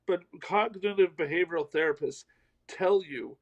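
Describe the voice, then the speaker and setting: Animated, self-mocking storyteller man. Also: fairly high pitch, moderate pace, rough recording. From American South. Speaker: comedian guest. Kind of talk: storytelling in a casual interview.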